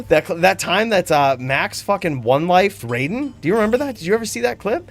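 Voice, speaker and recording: This is a man hosting a live stream and chatting casually. His voice sits a bit high, and his talk is rambling, excitable and full of profanity. Faint music plays in the background. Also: brisk. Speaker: streamer host.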